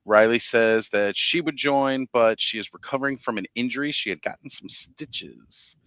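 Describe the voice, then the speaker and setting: A man's voice: mid-range voice, normal speed, a bit bright, no room sound. Joking male live stream host. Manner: jokey, laughs at his own stories. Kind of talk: casual chat, storytelling.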